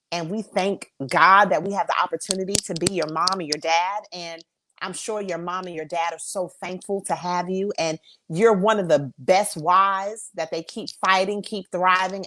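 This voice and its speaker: A woman's voice: lowish voice, fairly bright tone. A woman answering interview questions, earnest and emphatic, speaking with faith. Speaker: guest.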